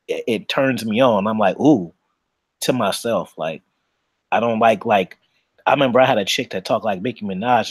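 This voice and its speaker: A podcast co-host in a casual, uncensored chat tells stories in a boastful, profane, slick way. His voice is lowish and husky, with no room sound.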